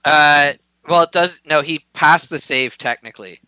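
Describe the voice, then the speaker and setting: A man's voice: on the high side, normal speed, sharp tone, clean tone, no echo, poor audio. A man playing a tabletop game over voice chat, hesitant and full of ums while choosing his move. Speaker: player.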